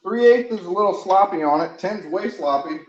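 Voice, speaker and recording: A man, co-hosting a casual live stream while working on an engine, excitable and quick to exclaim. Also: high voice. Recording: echoey room, dull audio.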